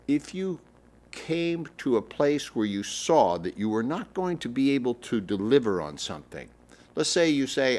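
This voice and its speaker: A man giving a livestreamed teaching talk on relationships, emphatic and repetitive, often acting out example phrasings. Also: mid-range voice. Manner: emphatic, repeats and rephrases points; coaching, acts out example phrasings.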